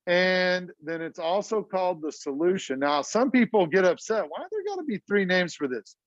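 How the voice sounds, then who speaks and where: A man's voice: sits high, big pitch swings, normal speed, dry recording, highs cut off. A middle-aged man, a math teacher talking casually to his class in a classroom. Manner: chatty, casual and talkative, addresses the class as y'all.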